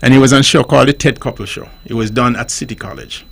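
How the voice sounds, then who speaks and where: On call-in radio, a man with a gravelly, slightly husky voice lays out his points like a teacher, repeatedly checking whether the listener is following. He talks fast, at medium pitch, with a somewhat bright tone.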